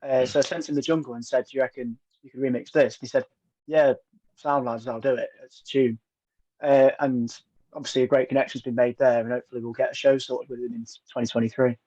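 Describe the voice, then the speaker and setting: This young man, a guest from a band, chats casually in an interview and spins stories full of local slang. His medium-pitched voice is warm and fast with little pitch movement, and the sound is dry and slightly dull with no room sound.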